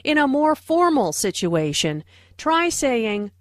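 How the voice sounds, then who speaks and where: A woman narrating language notes for an English lesson, speaking slowly and clearly. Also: medium pitch, lively intonation, no room sound, clean studio sound. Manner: slow, clear teaching delivery. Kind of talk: scripted narration.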